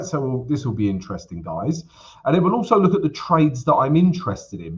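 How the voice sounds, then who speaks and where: Male stream host, relaxed chat full of fillers, mid pitch, muffled webcam-mic sound. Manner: chatty, many fillers, addresses viewers as guys. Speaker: forex trading livestream host. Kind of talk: casual live-stream chat. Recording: slightly dull lo-fi stream audio.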